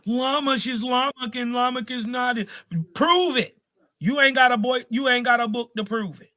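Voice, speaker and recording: Combative male stream host, high bright voice, slangy, interrupts a lot, dry close sound. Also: steady tone, moderate pace, no echo. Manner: slangy, combative, talks over others. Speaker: livestream host. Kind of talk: heated live debate.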